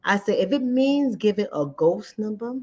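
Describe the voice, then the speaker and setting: A woman hosting a channel, telling a personal story in animated, direct talk to ladies and fellas. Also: mid-range voice, normal speed. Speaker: relationship coach and channel host. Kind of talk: casual talk-to-camera commentary. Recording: dull lo-fi sound.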